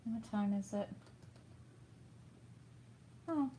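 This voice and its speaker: A middle-aged woman talks casually to her live-stream viewers from home while she works on a craft. She rambles softly, thinking aloud with plenty of fillers, and her voice sits at a medium pitch. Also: drawn-out words, a little hiss or hum. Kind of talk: casual chat while diamond painting.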